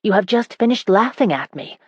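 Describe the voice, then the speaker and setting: A woman's voice: lively intonation, fairly quick, breathy edge, no echo, muffled recording. A woman narrator voicing a spirited, indignant young woman in an audiobook, speaking emphatically and sharply. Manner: sharp, emphatic, higher and louder than narration.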